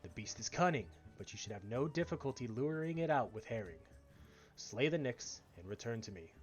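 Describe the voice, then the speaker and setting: A man doing a gruff, skeptical guard captain. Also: mid-range voice, animated, faint music behind, lightly acted. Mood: curt. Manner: stern, curt, measured. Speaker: streamer reading game dialogue.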